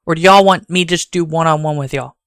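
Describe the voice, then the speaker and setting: A rambling streamer with a Southern US accent. He chats casually to his viewers in a fairly high, smooth voice that sounds dry and close. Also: fairly quick, fairly bright tone, no echo. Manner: rambling and chatty, talks straight to chat.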